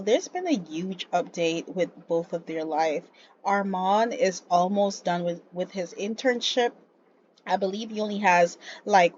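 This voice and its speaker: A woman hosting her gaming channel, chatting casually over gameplay, laughing often and voicing the characters in quick asides. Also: mid-range voice, a little mellow, a little hiss or hum. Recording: dull lo-fi sound.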